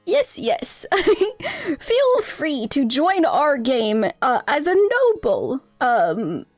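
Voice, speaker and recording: Giggly woman streamer, high and lively. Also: drawn-out words, dry recording, soft background music. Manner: giggly, laughs constantly between lines; upbeat, playful reactions to the game. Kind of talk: casual live-stream chat with viewers.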